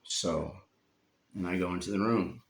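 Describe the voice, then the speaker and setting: A man with a very low, gravelly voice shares a painful story from his own life, speaking heavily and haltingly with long pauses. The audio comes through a phone in a roomy, somewhat echoey space.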